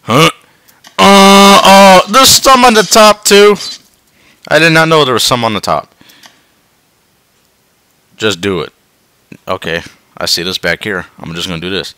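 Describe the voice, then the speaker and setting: A man swearing his way through a game, dropping to tired mutters and then yelling in excitement. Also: fairly high pitch, unhurried, long pauses, clear, resonant tone, no echo, clean studio sound. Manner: swearing, swinging between mutters and yelps. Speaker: gameplay commentator. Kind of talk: profane let's-play commentary.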